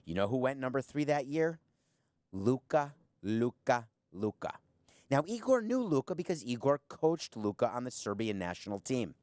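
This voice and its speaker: A man's voice: medium pitch, big pitch swings, a little fast, hardly any pauses, darkish tone, no room sound. Middle-aged male host, punchy and sarcastic commentary monologue, dry studio sound. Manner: sarcastic, emphatic, talks straight to the viewer. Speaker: show host, former team owner. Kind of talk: opinionated sports commentary monologue.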